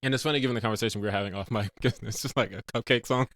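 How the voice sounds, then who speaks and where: A man co-hosting a casual movie review podcast, animated and joking, often laughing. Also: medium pitch, quick pace, no echo, studio quality. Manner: animated, laughing, jokey asides. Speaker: podcast co-host.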